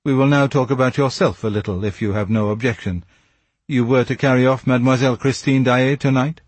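Smug police commissary with a husky voice and brisk, pointed questions, read by a man. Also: medium pitch, steady tone, dry recording, voice pushed up, close to an everyday voice. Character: smug self-satisfied male police commissary.

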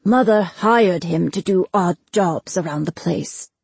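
A woman narrator voicing a defiant young man who speaks flatly and coldly to his cruel father. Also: fairly low pitch, measured pace, creaky, breathy edge, no echo, heavily acted. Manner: flat, bored delivery.

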